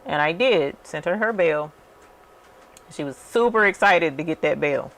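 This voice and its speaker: A woman with a low, animated, fairly bright voice speaks unhurriedly while hosting a crafting channel. She tells a story casually as she works, chatting away, calling her viewers y'all and using many fillers.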